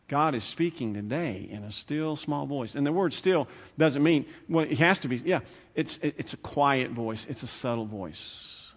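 A male preacher giving a sermon, conversational and repetitive, swinging from loud, fast bursts to hushed, slow lines. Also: medium pitch. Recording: long hall reverb.

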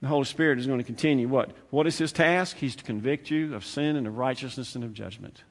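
A male preacher giving a sermon, conversational and repetitive, swinging from loud, fast bursts to hushed, slow lines. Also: medium pitch. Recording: long hall reverb.

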